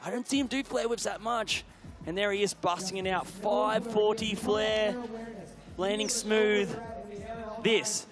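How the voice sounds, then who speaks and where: Excitable high-voiced male sports commentator. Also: a little slow, a crowd in the background. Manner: excitable, bursts into shouts at big tricks.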